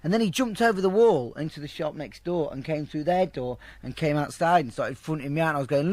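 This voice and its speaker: A man's voice: a little high, expressive, a little fast, few pauses, darkish tone, dry recording. A man telling a rambling, profane story in a casual interview, acting out the voices of the people in it. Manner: rambling, heavily profane, acts out quoted voices.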